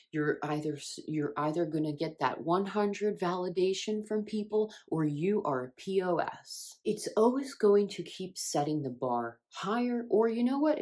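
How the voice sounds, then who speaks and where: A woman with a low-pitched voice, a spiritual wellness creator, gives an earnest, reflective self-help monologue about inner healing. When she stresses a point, her tone leaps sharply upward before settling back down. She comes across as sincere and personal.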